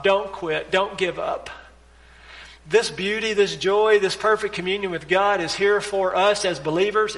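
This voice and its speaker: A man preaching a sermon in a church with a high, bright, forceful voice. He pleads and exhorts the congregation with urgent, repeated appeals, and the long hall reverb rings behind every phrase. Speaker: pastor. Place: church sanctuary.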